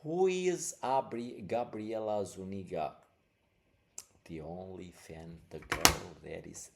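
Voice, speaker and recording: A man's voice: deep voice, creaky, pushed and bright, slight background noise. A man hosting a podcast, talking casually and rambling, with many fillers. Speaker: podcast host. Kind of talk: casual commentary.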